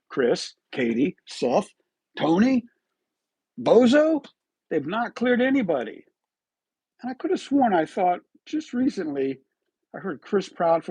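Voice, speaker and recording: A man hosting a live solo commentary show, his husky voice sitting fairly high and swinging widely in pitch. He argues in a rhetorical, accusatory way and keeps asking his listeners "right?". The sound is close and dry. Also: a little mellow, no room sound. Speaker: host of a live online true-crime commentary show.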